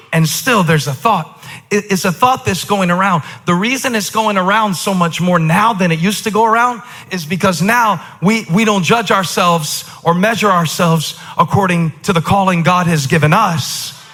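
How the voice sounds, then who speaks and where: Male pastor, bright and husky, emphatic sermon delivery, reverberant church hall. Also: sits high. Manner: emphatic, swings between quiet asides and shouted declarations. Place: large church auditorium.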